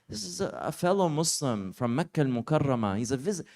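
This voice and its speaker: A man teaching at a religious retreat, telling a personal story in a relaxed, conversational way, full of "like" and "you know.". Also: a little high, fast talker. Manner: casual, conversational, heavy use of "like". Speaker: Islamic teacher. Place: summer retreat lecture.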